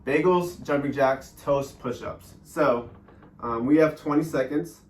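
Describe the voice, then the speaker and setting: A man teaching a guided workout lesson, explaining each step with many ums and pauses. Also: mid-range voice, far from the mic, slight background noise. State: out of breath during exercise. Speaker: fitness instructor. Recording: echoey room, voice off-mic.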